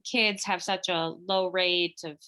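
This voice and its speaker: A woman's voice: on the low side, fairly even intonation, slow, sharp tone. Hesitant young-sounding woman interviewer. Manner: hesitant, filler-heavy questions. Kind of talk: casual interview questions.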